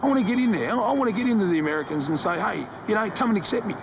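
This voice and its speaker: Gravelly hesitant Australian man. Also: high voice, lively intonation, rapid-fire, noisy background. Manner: earnest, hesitant, musing talk. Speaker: wrestler. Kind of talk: documentary interview.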